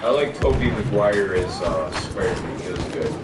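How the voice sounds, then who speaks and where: A man's voice: deep voice, animated, normal speed. A man streaming a game, chatting casually and ranting in a rambling, profane, opinionated way while he plays. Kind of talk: casual gaming livestream chat. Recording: roomy, distant mic with background noise.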